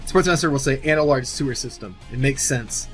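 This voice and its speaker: A man's voice: mid-range voice, fairly quick, faint music behind. A man casually narrating an imagined film sequel, thinking aloud with many fillers and restarts. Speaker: movie sequel writer.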